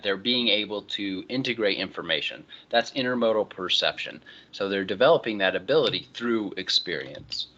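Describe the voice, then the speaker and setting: A man lectures his class in a loose, conversational way, stringing topics together with easy transitions. His voice is somewhat low yet bright and forceful. It comes through a computer microphone with dull, lo-fi sound. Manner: relaxed, conversational, frequent "all right, so" transitions. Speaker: college instructor. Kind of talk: online lecture.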